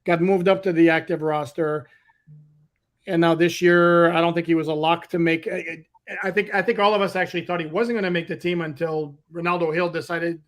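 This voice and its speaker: A man co-hosting a sports podcast, answering questions and teasing his co-host in a dry, measured way. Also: on the high side, fairly bright tone. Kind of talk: casual sports podcast chat.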